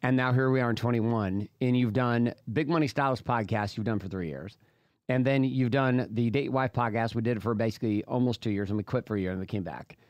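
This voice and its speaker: A man's voice: medium pitch, brisk, darkish tone, no room sound. A man in his thirties co-hosting a podcast, prompting his co-host with questions. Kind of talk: casual conversation.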